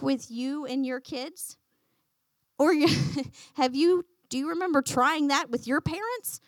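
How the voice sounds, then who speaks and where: A woman teaching a Bible lesson to a congregation, animated and acting out the quotes. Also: high voice, a little slow, no room sound. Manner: animated, acts out quotes, laughs often.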